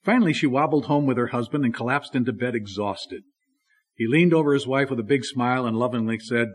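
A male pastor giving a sermon, telling stories at an easy pace with frequent fillers. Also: mid-range voice. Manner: unhurried storytelling with many fillers.

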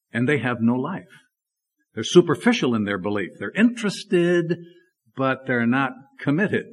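A man preaching a sermon in an emphatic, questioning manner. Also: medium pitch. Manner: emphatic, asks the congregation rhetorical questions.

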